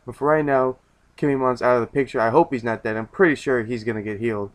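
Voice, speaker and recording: A man talking through a review in a relaxed, offhand chat. He rambles, restarts his sentences often and swears casually, at a middle pitch. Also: fast talker.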